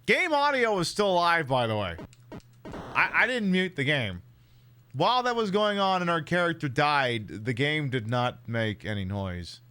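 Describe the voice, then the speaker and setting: Rambling, profane high-voiced streamer. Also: male voice, big pitch swings, measured pace, pushed and bright, clear, resonant tone. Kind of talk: casual live-stream commentary.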